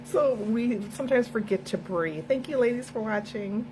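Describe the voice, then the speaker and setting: A woman's voice: a little high, expressive, moderate pace, background noise. A middle-aged woman hosting a casual motivational talk for viewers, speaking earnestly and encouragingly and laughing easily. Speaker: host.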